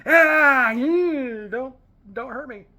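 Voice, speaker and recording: A man's voice: very high-pitched, drawn-out words, pushed and bright, voice pushed up, exaggerated voice. A man voicing a male demon who cries out and begs not to be tormented, in a screechy 1980s cartoon-villain voice. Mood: cringing. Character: shrieking, pleading male demon in a possessed man.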